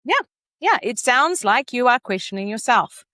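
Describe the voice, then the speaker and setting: A woman vocal coach giving conversational advice, animated and laughing now and then as she demonstrates pitch. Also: normal speed, dry recording.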